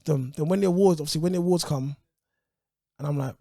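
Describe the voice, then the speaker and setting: A man with a London accent, a podcast guest telling lively stories in casual slang. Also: a little high, fast talker, creaky, no room sound. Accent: London English. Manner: animated, acts out quoted voices, uses London slang. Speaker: podcast guest, youth business founder.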